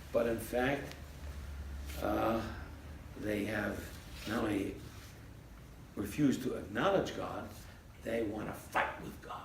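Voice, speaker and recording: An animated male rabbi with a bright, lively voice that leaps up high when he acts out little scenes. He sounds set back from the mic in an echoey room, with a faint hiss underneath. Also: far from the mic. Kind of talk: Torah class.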